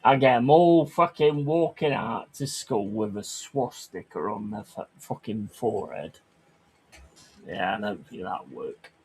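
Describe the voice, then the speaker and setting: A man's voice: lowish voice, animated, a little slow, slight background noise. A man chatting on a livestream, reading chat aloud and ranting crudely with lots of swearing.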